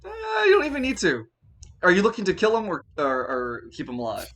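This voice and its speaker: Animated, bright-voiced game master man. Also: high voice, fairly quick. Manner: animated, laughs a lot, yells comedically. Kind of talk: running a tabletop game, laughing often.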